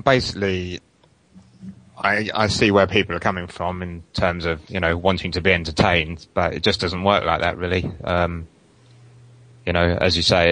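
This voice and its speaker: Deep flat-voiced football fan. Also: male voice, no echo, rough recording. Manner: measured, hedging, many fillers. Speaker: podcast guest, football fan. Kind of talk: casual football chat.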